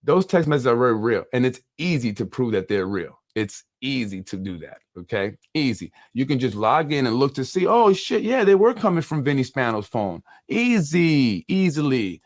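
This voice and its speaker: A man's voice: medium pitch, sing-song, normal speed, hardly any pauses, no room sound, studio quality. Taunting New man hosting politics. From Yonkers, New York. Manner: taunting, sing-song mocking. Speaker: host of a local politics show. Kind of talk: casual political livestream commentary. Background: hip hop music.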